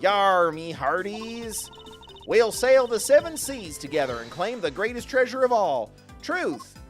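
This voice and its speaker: A man's voice: sits high, normal speed, soft background music. A man voicing an eager, playful young female thief in a video game. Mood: excited. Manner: excitable and bouncy.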